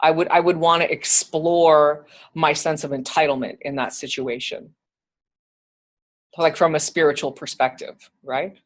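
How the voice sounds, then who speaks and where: A woman leading a spiritual group discussion, calmly coaching others with reflective questions. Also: low voice, measured pace.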